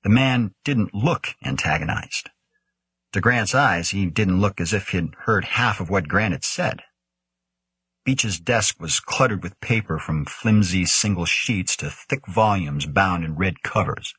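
Low, husky male audiobook narrator. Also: expressive, a bit bright, no echo. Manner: measured storytelling, voicing characters. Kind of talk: scripted narration.

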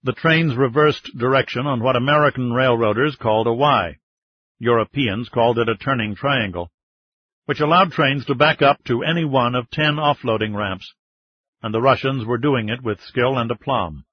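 A man reading a novel as scripted narration, in a steady, even storytelling manner, close to the mic. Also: mid-range voice, normal speed, no echo. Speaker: audiobook narrator. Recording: dull, slightly muffled audiobook sound.

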